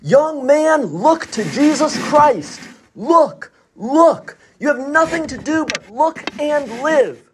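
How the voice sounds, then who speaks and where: A man plays a poor, untaught country preacher with a broad Essex accent, preaching in a high, swooping voice. He is fervent and plain-spoken. Steady noise runs under the recording. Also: measured pace, exaggerated voice. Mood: urgent. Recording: noisy recording.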